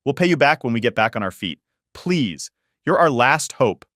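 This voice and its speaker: A man's voice: mid-range voice, sing-song, moderate pace, no room sound, clean studio sound, voice pushed up. A man voicing a desperate, pleading sister in a read-aloud family drama story. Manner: pleading, shaky then yelling. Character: desperate pleading younger sister, then furious.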